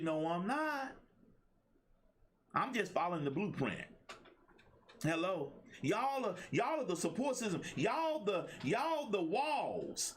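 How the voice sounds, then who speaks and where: A man's voice: high voice, very animated, slow, a little hiss or hum. A middle-aged man hosting a motivational livestream, talking in a preachy call-and-response style. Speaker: host and life coach.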